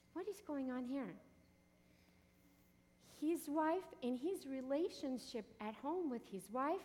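A woman's voice: high voice, a little mellow. Lady preacher going through a bible story, keeps quizzing the crowd, big echoey hall. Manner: asks the listeners questions and answers them. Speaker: Bible teacher. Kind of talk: teaching sermon.

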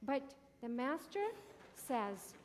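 A woman's voice: fairly high pitch, animated, slow pace, a little hiss or hum. Lady preacher going through a bible story, keeps quizzing the crowd, big echoey hall. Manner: asks the listeners questions and answers them. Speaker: Bible teacher. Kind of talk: teaching sermon.

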